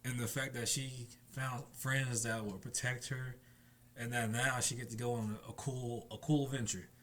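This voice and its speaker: A young man recaps the latest comic chapter in a loose, rambling chat. His voice sits at an ordinary middle pitch. He keeps laughing and slips into playful voices for the characters' lines. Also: level tone, moderate pace, fairly bright tone, slight background noise. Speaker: anime reviewer.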